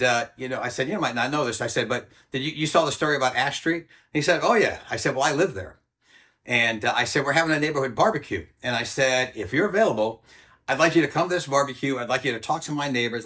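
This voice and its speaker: Older guy swearing his way through a story, bright pushy voice, does the other people's voices. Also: mid-range voice. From United States. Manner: blunt and profane, acts out quoted voices. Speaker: interview guest, former Army Ranger. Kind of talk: casual storytelling.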